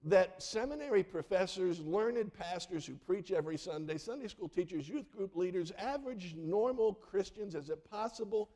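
Animated middle-aged male pastor preaching. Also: high-pitched, normal speed, hardly any pauses. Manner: animated, acts out voices in his stories. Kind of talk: storytelling sermon.

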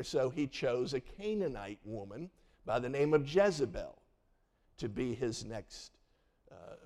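A man's voice: mid-range voice, a little mellow. A man in his sixties, a pastor telling a childhood story in a sermon and acting out the people in it. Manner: storytelling, acting out voices of family in the tale.

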